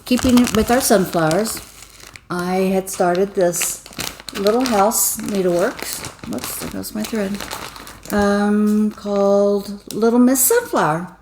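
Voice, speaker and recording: A woman's voice: medium pitch, slow pace. A woman co-hosting a casual craft chat, talkative, with restarts and little laughs. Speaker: co-host. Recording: echoey room with faint noise.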